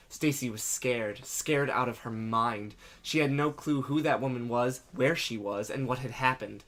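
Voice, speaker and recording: Bright-voiced man reading fanfic. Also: mid-range voice. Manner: dramatic reading broken by jokes and swearing. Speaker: reader and co-host.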